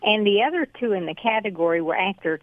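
A woman's voice: mid-range voice, lively intonation, quick pace, dry recording. Southern woman with a tinny, dry sound. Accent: Southern US (Georgia). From Georgia, US. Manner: chatty, drawling, laughs easily. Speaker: author and guest. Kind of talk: morning show interview. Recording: dry, thin phone-like sound.

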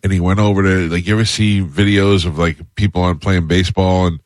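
A man's voice: low voice, steady tone, fairly quick, no echo, studio quality. A man in casual show chat, blunt and crude, cracking jokes. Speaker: co-host.

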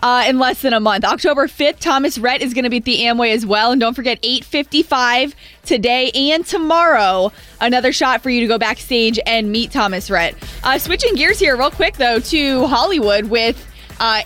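A fairly high female voice, chatty and earnest as she talks through entertainment news on a morning radio show. A faint music bed runs beneath her. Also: moderate pace, fairly bright tone.

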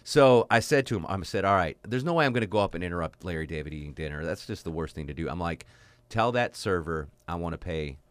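A man's voice: sits low, lively intonation, fast, hardly any pauses, dry recording. A man hosting an interview, telling an anecdote in a chatty, casual way. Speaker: podcast host.

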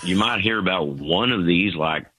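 A man's voice: sits low, normal speed, bright, forceful tone, breathy edge, no echo. A young man calling in by phone, blunt and exasperated as he tells his side of a date. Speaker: caller. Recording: muffled phone line.

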